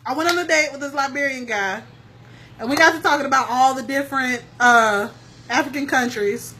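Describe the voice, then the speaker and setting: A woman co-hosting a casual late-night chat, a little tipsy, loud and profane, laughing often and cutting in. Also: sits high, brisk. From United States. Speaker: podcast co-host.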